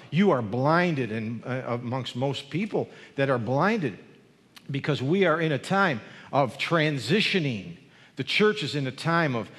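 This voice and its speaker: A man's voice: a little high, slightly rough. Male guest preacher, folksy and joking, builds to fervent calls; church with long reverb. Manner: folksy, joking, then rising in fervor. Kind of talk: sermon with jokes. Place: church sanctuary.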